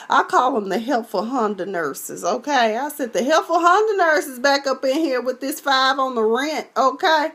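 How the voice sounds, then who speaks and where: A woman's voice: sits high, expressive, normal speed, few pauses, a bit bright. A woman with a Texan accent, recapping a TV episode in a sassy, exclamatory way, acting out the characters as she goes. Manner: sassy, exclamatory, acts out scenes with many voices. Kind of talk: animated casual recap.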